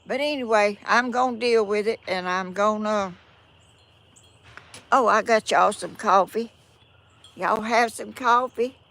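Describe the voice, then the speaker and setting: A woman's voice: mid-range voice, a little slow, creaky, pauses often, fairly bright tone. An older woman from Georgia with a Southern accent, chatting in a rambling, apologetic way to viewers of her live stream outdoors on a breezy morning, talking into a phone or tablet on a tripod. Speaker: vlog host. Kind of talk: casual live-stream chat.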